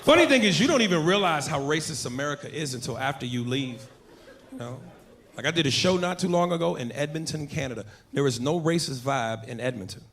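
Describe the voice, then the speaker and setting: A man doing brash, profane stand-up comedy on a club stage, loud and punchy. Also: fairly high pitch, animated, fairly quick. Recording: live club recording with loud crowd and noise.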